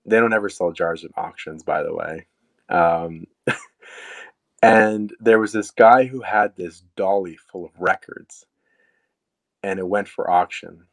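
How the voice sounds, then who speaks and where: A young man telling a personal story in a casual, animated way, acting out quoted lines. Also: sits low, slow, creaky, long pauses. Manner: casual, animated retelling with quoted asides and fillers. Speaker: storyteller guest.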